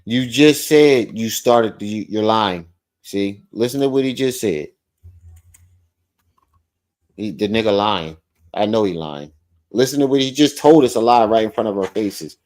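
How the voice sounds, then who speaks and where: A man hosting a livestream, reacting to a clip with animated, mocking commentary. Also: fairly low pitch, unhurried, long pauses. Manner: animated, mocking, repeats phrases. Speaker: livestream host.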